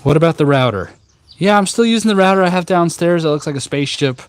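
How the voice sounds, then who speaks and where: A man hosting a casual tea live stream outdoors on a rooftop garden, chatting with viewers in a jokey, rambling, deadpan way with many fillers. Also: on the high side, fast talker. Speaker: tea livestream host.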